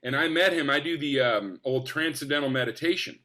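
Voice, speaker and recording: A man in his forties with a bright, forceful voice, from the Northwest of the US. He tells stories with real enthusiasm, jumping into other people's voices as he goes. His pitch sits a little high for a man. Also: fairly quick. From Spokane, US. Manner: enthusiastic, animated, acts out quotes. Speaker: actor guest. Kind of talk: casual podcast storytelling.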